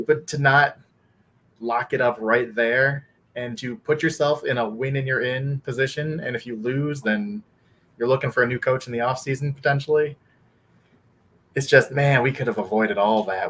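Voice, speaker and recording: A man on a sports chat panel, laying out his frustration in a measured, steady way. His voice sits at an ordinary middle pitch. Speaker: podcast panelist.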